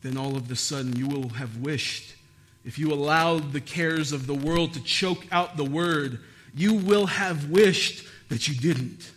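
A man's voice: a little high, slow pace, fairly bright tone. A man preaching a sermon, asking his listeners questions and building to emphatic, repeated phrases. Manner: asks the audience questions. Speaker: pastor.

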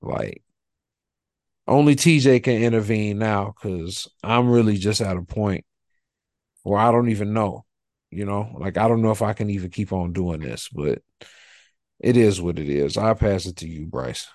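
Male podcast co-host, lowish voice, easygoing rambler, dry close mic. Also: measured pace, darkish tone, dry recording. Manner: laid-back, rambling, filler-heavy talk. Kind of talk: casual chat.

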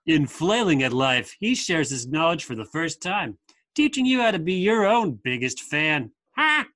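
A man's voice: fairly high pitch, big pitch swings, moderate pace, fairly bright tone, dry recording, clean studio sound. Man doing a laid-back surfer dude. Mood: breezy. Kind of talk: reading aloud in a put-on voice.

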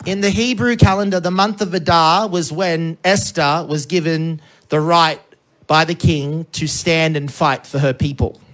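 An energetic preacher delivering a sermon who keeps checking in with the congregation. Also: mid-range voice, measured pace. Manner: energetic, checks in with frequent "okay?".

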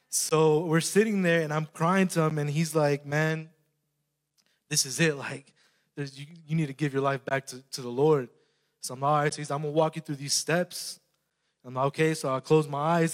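A young man telling a personal faith testimony in an earnest, emotional way, with many fillers and restarts. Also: a little high.

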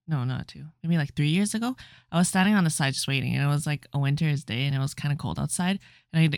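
A relaxed podcast co-host telling a short story in a loose, offhand way, with easy laughter and casual swearing. The voice has a middle pitch and is recorded dry and close. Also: no echo.

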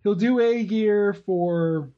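A man's voice: high-pitched, slow pace, lo-fi sound. A man co-hosting a casual comics podcast, laid-back and hesitant, often trailing off. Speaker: podcast co-host. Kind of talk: casual chat about comics.

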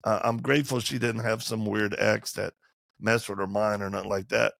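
A man, an interview guest, telling candid and humorous stories in conversation and acting out quotes in lively voices. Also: fairly low pitch, moderate pace, gravelly, no echo, studio quality. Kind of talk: animated storytelling in conversation.

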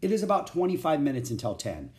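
A man narrating a children's chapter book aloud in clear, steady storytelling. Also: fairly high pitch, quick pace.

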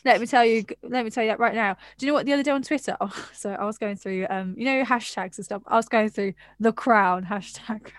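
Animated high-voiced woman podcaster. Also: fairly quick, few pauses, no room sound. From England. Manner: animated, swearing, laughing storyteller. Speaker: podcast co-host. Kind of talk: casual chat.

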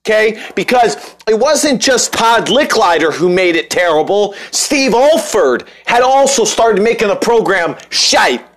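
A man's voice: high-pitched, very animated, unhurried, fairly bright tone. A young man hosting a casual sports podcast, rambling and joking with lots of restarts and fillers. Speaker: podcast host.

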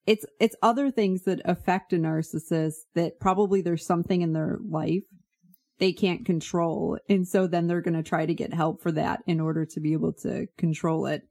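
A woman's voice: lowish voice, steady tone, normal speed, vocal fry, darkish tone. A woman co-hosting a podcast, talking earnestly and giving advice in casual chat. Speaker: podcast co-host.

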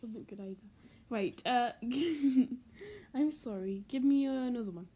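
A woman's voice: on the high side, lively intonation, slow pace, dark tone, husky, lo-fi sound. A young woman cohosting a casual podcast over a video call, dry and sarcastic.

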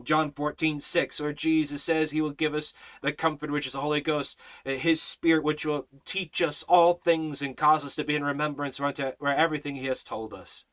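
A man's voice: fairly high pitch, flat delivery, moderate pace, few pauses, fairly bright tone. A man giving an earnest Bible study talk, telling a personal testimony and stammering into repeated words when he gets emotional. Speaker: Bible teacher and street evangelist.

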